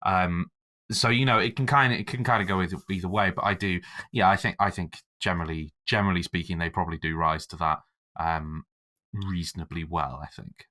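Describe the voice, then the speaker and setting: A man with a low voice and a bright, forceful edge talks through his opinions in casual podcast chat. He stammers and restarts a lot and hedges his points. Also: fairly even intonation, brisk. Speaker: podcast co-host. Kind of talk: casual discussion.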